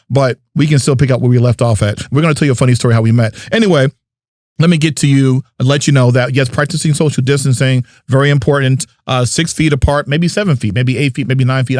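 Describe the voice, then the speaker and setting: A man's voice: medium pitch, steady tone, fast, a little mellow, dry recording, clean studio sound. A man from New Jersey hosting a podcast in a playful, chatty manner, hyping up his guests. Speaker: podcast host. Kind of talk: casual podcast chat.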